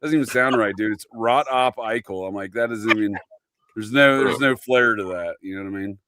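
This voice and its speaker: A man's voice: fairly low pitch, a little fast, noisy background. A man from Appalachia with an Appalachian accent, hosting a casual chat in a laid-back, joking way.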